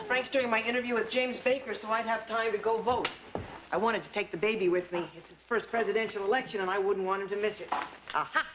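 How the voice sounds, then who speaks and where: A woman's voice: mid-range voice, fairly even intonation, quick pace, crowd noise, close to an everyday voice. An actress playing an outspoken, sardonic woman journalist in her forties, speechifying with defiance in a sitcom. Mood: fond. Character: brash outspoken woman journalist, mid-40s. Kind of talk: sitcom acting. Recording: studio audience laughter, noisy.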